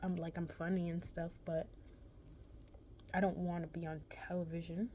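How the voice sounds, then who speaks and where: A woman's voice: lowish voice, little pitch movement, normal speed, warm tone, muffled recording, a little hiss or hum. A young woman vlogger casually telling a personal story, rambling and correcting herself in a laid-back, chatty way.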